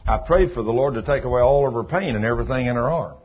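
A man preaching a sermon, telling healing stories in a folksy way that moves from hushed retelling to loud praise. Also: medium pitch, fast talker, husky. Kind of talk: sermon storytelling. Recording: dull lo-fi recording with faint noise.

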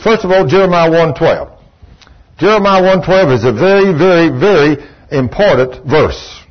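A man preaches a sermon in a church, his voice pitched a little high. He talks emphatically and repeats himself, slipping into folksy stories. The recording sounds dull and lo-fi. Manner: emphatic, repetitive, folksy storytelling.

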